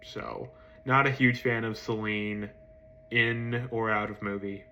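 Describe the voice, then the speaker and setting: A man giving a casual spoken film review, hesitant with many ums and restarts, swearing casually and jumping into excited emphasis. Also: takes it slowly, slight background noise. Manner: jumps to excited high-pitched emphasis.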